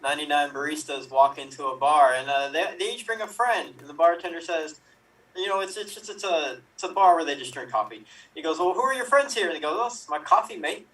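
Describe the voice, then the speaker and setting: A man's voice: on the high side, a little fast, fairly bright tone. A man improvising a joke on a video call, stumbling and repeating words before the punchline. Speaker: improv performer. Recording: roomy, distant from the mic.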